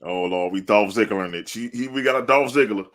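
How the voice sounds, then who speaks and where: A man's voice: on the low side, a little fast. A man co-hosting a wrestling podcast, talking loosely, cursing and laughing often. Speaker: podcast co-host. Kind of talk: casual wrestling chat.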